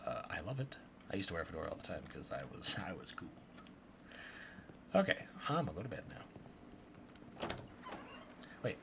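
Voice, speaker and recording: A man playing a video game, reading its text aloud and adding offhand asides. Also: lowish voice. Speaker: game streamer. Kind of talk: let's play commentary. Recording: background noise.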